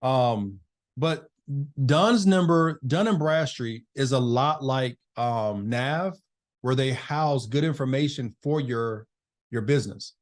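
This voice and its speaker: Over a video call, a man runs a casual live online business masterclass and chats loosely with participants, calling them by name. His voice is medium-pitched and his pace slow.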